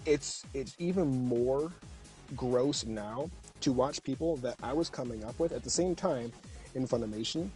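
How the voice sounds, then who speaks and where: A man's voice: mid-range voice, normal speed, a little mellow, soft background music. A middle-aged man, a voice actor guesting on a podcast, speaks emphatically and with passion in a heated discussion. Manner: emphatic, impassioned.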